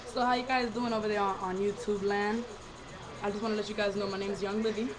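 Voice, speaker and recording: A young woman chatting fast and giddy into a home webcam, rambling, cursing and laughing, wired on coffee. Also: medium pitch, little pitch movement, crowd noise, low-quality recording. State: over-caffeinated. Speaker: vlogger. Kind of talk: hyper casual webcam chat. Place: room at home.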